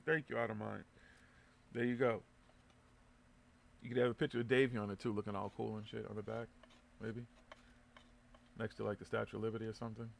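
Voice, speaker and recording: A man hosts a live internet radio show, bantering loosely with plenty of swearing, laughter, and stumbling restarts. His voice is medium-pitched and creaky, with a little hiss or hum in the audio.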